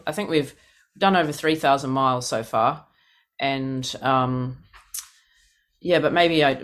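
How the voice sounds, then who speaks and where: A New Zealander in their fifties with a medium-pitched, fairly bright voice shares at a recovery meeting. Tired and yawning, they tell a casual personal story in a frank, exasperated way, in a New Zealand accent.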